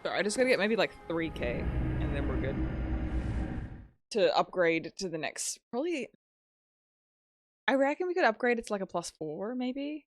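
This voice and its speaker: A woman's voice: mid-range voice, very animated, normal speed, pauses often, no echo, faint music behind. A young woman streaming a game, chatting casually with viewers, laughing often and greeting new followers. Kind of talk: casual gameplay commentary.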